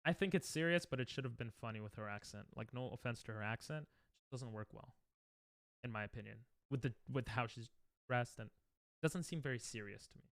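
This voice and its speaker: A man's voice: medium pitch, fairly quick, a bit bright, no echo, studio quality. A man streaming, reacting to commercials in casual, joking chat with his viewers, often laughing.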